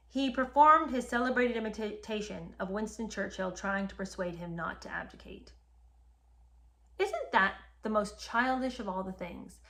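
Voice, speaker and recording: This history podcast host is a woman with a bright, forceful, medium-pitched voice. She retells past events with animated indignation, speaking directly to her listeners.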